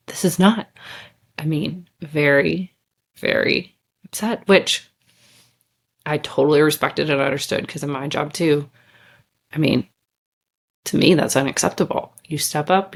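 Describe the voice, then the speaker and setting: Low-voiced candid woman host. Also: a little slow, creaky, long pauses. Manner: candid, chatty, swears casually. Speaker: podcast host. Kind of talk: casual storytelling monologue.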